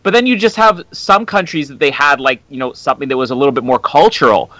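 Canadian guy cohosting a podcast, bright voice, dry close mic, rambles. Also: medium pitch, quick pace, no room sound, low-quality recording. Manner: incredulous, rambling. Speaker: podcast co-host. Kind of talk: casual podcast chat.

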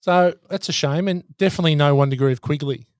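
A man's voice: fairly high pitch, quick pace, dry recording, clean studio sound. A man co-hosting a podcast, chatty and telling stories in casual talk. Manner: chatty storyteller. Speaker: podcast co-host. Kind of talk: casual chat.

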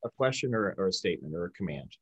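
A man explaining communication techniques in an emphatic, animated coaching manner. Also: sits low, fast, slightly rough, no echo, muffled recording. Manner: emphatic, animated, acts out example lines. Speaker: sales communication guest expert.

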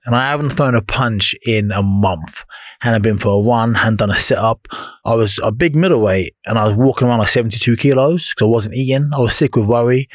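A man in his thirties from England, a former Olympic boxer, telling a story in a casual podcast chat, animated, swearing and laughing as he goes. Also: medium pitch, brisk, no echo, clean studio sound.

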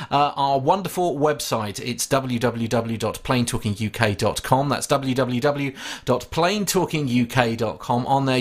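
A man hosting a podcast in casual chat, laughing often and trailing into restarts. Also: medium pitch. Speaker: podcast host.

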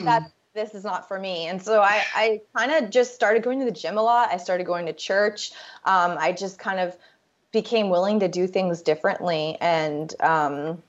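A woman telling her personal story as an interview guest, candid and halting, with fillers and restarts. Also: mid-range voice. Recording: dull lo-fi sound.

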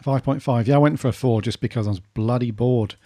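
A man co-hosting a podcast in casual chat, brisk, matter-of-fact and jokey. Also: mid-range voice, warm tone, no echo, studio quality. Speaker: podcast co-host.

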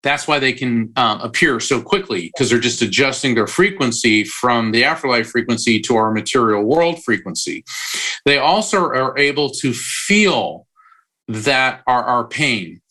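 Guy on an interview explaining stuff, bright forceful voice, wanders off on tangents. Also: medium pitch, lively intonation, unhurried. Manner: explains at length with analogies, prone to digressions and restarts. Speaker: psychic medium and author, interview guest.

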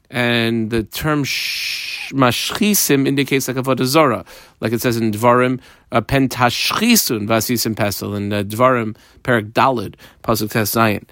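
A man at an ordinary middle pitch teaches a Talmud lesson line by line. He translates each phrase and explains it, stopping often on ums and uhs. The recording is dry and close with no room sound. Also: a bit bright, no echo.

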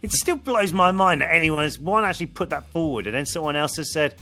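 A man's voice: fairly high pitch, lively intonation, brisk, few pauses, bright, forceful tone, faint music behind. A man co-hosting a podcast, chatting casually with playful, mock-serious banter. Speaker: podcast co-host. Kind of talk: casual chat.

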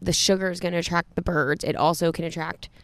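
A woman's voice: on the low side, steady tone, quick pace, dry recording. A woman in her thirties co-hosting a podcast, chatting casually and telling stories with animation. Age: 30s. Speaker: podcast co-host. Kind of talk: casual chat.

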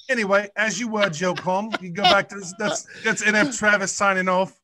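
A man's voice: high-pitched, fairly even intonation, normal speed, few pauses, sharp tone, slight background noise. A man co-hosting a podcast, chatting in a brash, crude, joking way. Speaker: podcast co-host. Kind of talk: casual chat.

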